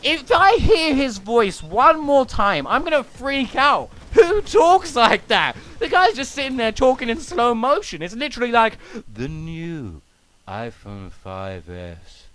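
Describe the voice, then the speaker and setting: A young man rants through a gaming commentary, sarcastic and swearing freely. His voice sits fairly high for a man and swings up and down a lot as he gets worked up. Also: very animated, a little slow, few pauses, a bit bright. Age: young adult. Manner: ranting, profane, sarcastic. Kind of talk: ranting commentary.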